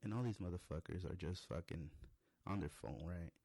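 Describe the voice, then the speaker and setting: A man's voice: sits low, moderate pace, vocal fry, warm tone, no echo. A young adult man on a podcast, telling a rambling, profane story in a casual monologue. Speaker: podcast host.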